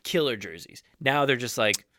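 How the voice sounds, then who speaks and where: A man's voice: mid-range voice, animated, normal speed, pushed and bright, no echo, studio quality. A man co-hosting a podcast in casual, joking chat, swearing freely and breaking into silly voices. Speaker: podcast co-host.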